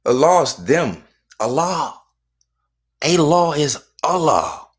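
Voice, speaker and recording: A man's voice: a little high, big pitch swings, slow pace. A man holding forth on a casual livestream, insistent and repetitive. He hammers the same phrases again and again and throws out rhetorical questions. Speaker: livestream host.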